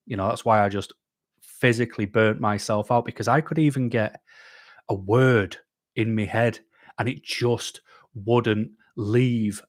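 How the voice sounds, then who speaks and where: A man's voice: on the low side, no room sound, clean studio sound. A man hosting a live stream, chatting casually with viewers in a rambling, self-deprecating way, full of ums and restarts.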